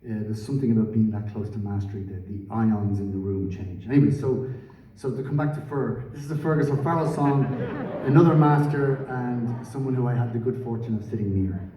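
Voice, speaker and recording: Rambling man telling a story in an echoing hall. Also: mid-range voice. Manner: rambling, self-deprecating, halting with fillers. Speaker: singer-songwriter telling a story on stage. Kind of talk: live on-stage anecdote. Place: large theatre stage. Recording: echoey hall from far off, dull audience recording. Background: audience noise.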